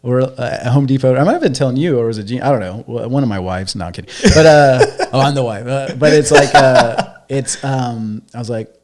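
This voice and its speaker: A man co-hosting a casual podcast chat, telling stories in a rambling, profane way and loudly acting out quotes. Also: medium pitch, fairly quick, few pauses. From Northern California. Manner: rambling, profane storytelling with loud acted-out quotes. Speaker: podcast co-host.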